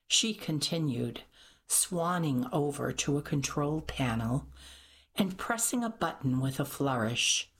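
Low, husky woman narrator. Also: lively intonation, takes it slowly. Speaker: audiobook narrator. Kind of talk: scripted narration.

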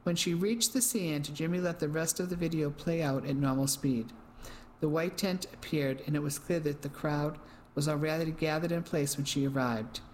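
Steady first-person audiobook narrator. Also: medium pitch, a little hiss or hum, poor audio. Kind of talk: first-person novel reading on a radio reading service.

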